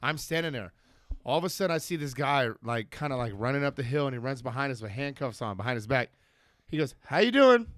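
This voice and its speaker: A man's voice: mid-range voice, fast, no echo. Dry-voiced man telling a rowdy story. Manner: animated, swearing, acts out voices when excited. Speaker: podcast co-host. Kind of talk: casual storytelling.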